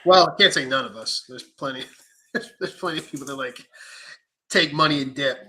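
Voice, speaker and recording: A man, a knife maker, telling stories in casual podcast chat, animated and swearing freely while acting out what people said. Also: mid-range voice, fairly quick, poor audio. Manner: animated storytelling with profanity and acted-out quotes.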